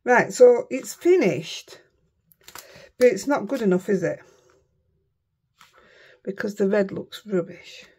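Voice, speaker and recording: A craft vlogger with a Yorkshire accent chats casually as she makes cards, poking fun at herself and often muttering under her breath. Her medium-pitched voice is animated but slow, with frequent pauses, a darkish tone, and a husky quality.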